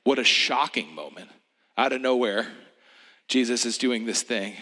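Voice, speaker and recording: A man preaching a reflective sermon like a guided meditation, speaking gently and hushed, sometimes dropping to a whisper. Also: medium pitch, animated, a little slow, long reverb tail.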